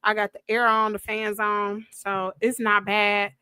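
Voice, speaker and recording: A woman hosting her livestream from a downstairs home office, telling a story in a lively, gossipy way. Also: mid-range voice, unhurried, clean tone, no echo. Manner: animated, gossipy Southern-style storytelling. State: coughing from bug spray fumes. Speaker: livestream host. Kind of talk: casual livestream chat. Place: her home's downstairs office, in front of a green screen.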